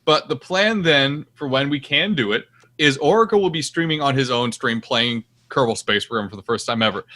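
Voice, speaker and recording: A man co-hosting a casual livestream, joking around and making quick announcer-like asides. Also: medium pitch, sharp tone. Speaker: co-host.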